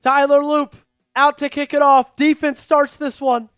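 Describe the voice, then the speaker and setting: A man calling a game live for an online fan stream, hyped and pleading with his viewers, rising to shouts at big plays. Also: very high-pitched, level tone, unhurried, no room sound, clean studio sound, soft background music. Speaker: fan livestream play-by-play host. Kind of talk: excitable live play-by-play commentary.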